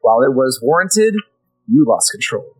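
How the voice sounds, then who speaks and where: A man's voice: mid-range voice, very animated, normal speed, slightly rough, soft background music, poor audio. A man narrating a tabletop role-playing game as game master, vivid and casual, swearing freely.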